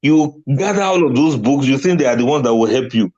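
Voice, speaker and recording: A man's voice: mid-range voice, expressive, brisk, a little mellow, muffled recording. A man giving a religious talk on letting go, emphatic and often laughing at his own points. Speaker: Islamic speaker.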